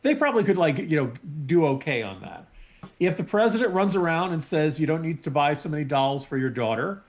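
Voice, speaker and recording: Measured, analytical male commentator. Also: fairly high pitch, big pitch swings. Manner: measured and analytical, hedges his points. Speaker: guest columnist and podcaster. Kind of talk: talk radio panel discussion.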